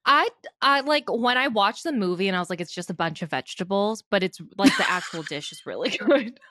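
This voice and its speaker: A woman's voice: mid-range voice, expressive, a little fast, sharp tone, no room sound, studio quality. A young woman in her twenties co-hosting a podcast, chatting casually, giggling and rambling through her stories. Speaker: podcast co-host. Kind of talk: casual chat.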